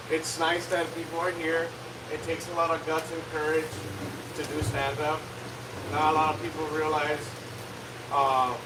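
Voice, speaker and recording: A man warms up his stand-up set, rambling about nerves before reaching the jokes. His voice runs a little high. He is heard from a distance, with clear crowd and air conditioning noise around him. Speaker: stand-up comedian. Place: comedy club open mic. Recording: noisy club, recorded from far off.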